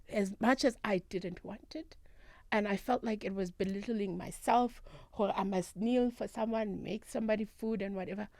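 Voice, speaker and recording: A South African woman, a guest and traditional healer, telling her story in an animated, emphatic way in a studio interview. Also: medium pitch, moderate pace, gravelly, no room sound. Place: radio studio.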